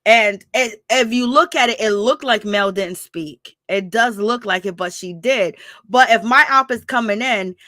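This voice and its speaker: A woman recaps reality TV drama in a chatty, blunt way, speaking straight to her viewers. Her voice sits a bit high and bright. It sounds close and dry, with no room around it. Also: measured pace, no room sound. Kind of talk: casual reaction commentary.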